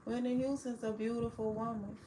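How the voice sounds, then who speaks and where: A woman, chatting casually with viewers on a livestream, affectionate and quick to laugh. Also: fairly high pitch, little pitch movement, background noise. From New Orleans, Louisiana. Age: 40s. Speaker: livestream host.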